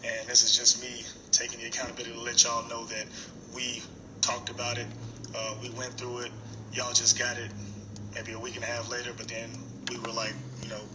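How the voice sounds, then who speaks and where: A man giving a hesitant, measured public statement, reading from notes. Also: medium pitch, completely flat delivery, distant mic, background noise. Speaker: celebrity in a played clip.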